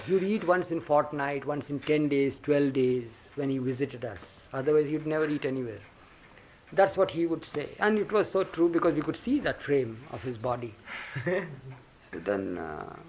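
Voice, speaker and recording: An older man with an Indian English accent reminisces casually, chuckling through animated stories and acting out quotes as he recounts memories. His voice is on the high side at a moderate pace. The recording is a dull lo-fi 1980 tape with hiss.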